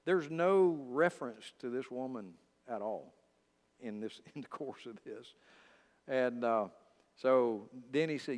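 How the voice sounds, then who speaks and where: A man, teaching a church Bible study at a middle pitch. He talks informally and straight to the room. His voice carries a long reverb from the church hall. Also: takes it slowly. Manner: conversational, talks straight to the listeners, with lively asides. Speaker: pastor.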